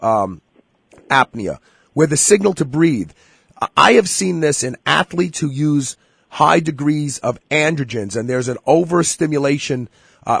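Gravelly man hosting a health show. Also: fairly high pitch, dry recording. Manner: emphatic, direct address to listeners. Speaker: radio show host. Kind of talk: health interview.

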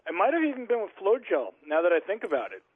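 A man being interviewed as a radio guest, halting and searching for words with many fillers. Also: high-pitched, huge pitch swings, no echo. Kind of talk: interview on a call-in radio show. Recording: tinny phone line.

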